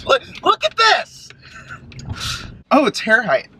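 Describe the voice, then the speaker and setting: A man's voice: very high-pitched, background noise. A man as a guest in a casual comedy chat, laughing often and hedging his answers, recorded inside a car. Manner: laughs a lot, hesitant and squirming.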